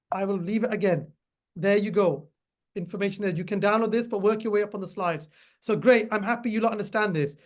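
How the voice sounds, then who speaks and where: Brief: high-pitched man, middle-aged, pharmacist tutor running a webinar, talky and repetitive. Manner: chatty, repeats himself, addresses the class directly. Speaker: pharmacist teacher. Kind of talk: online webinar teaching.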